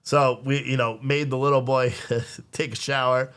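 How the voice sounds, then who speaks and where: A man's voice: medium pitch, little pitch movement, normal speed, fairly bright tone, clear, resonant tone. A man in his thirties rambles through a family story on his podcast. He swears freely and acts out the lines of his kids and wife. He keeps breaking off to restart. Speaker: podcast host. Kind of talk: casual storytelling on a live stream.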